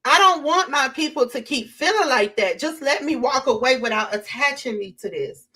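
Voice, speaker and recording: A woman's voice: high voice, lively intonation, moderate pace, pushed and bright, husky. A woman hosting a casual livestream, talking straight to her viewers, repeating herself and greeting people in the chat by name. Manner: conversational, addresses viewers directly, repeats herself. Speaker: livestream host.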